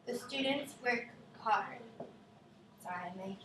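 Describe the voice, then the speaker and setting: A woman teaching a class of children, speaking slowly and emphatically and often checking in with "right?". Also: a little high, noisy background. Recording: echoey classroom from far off.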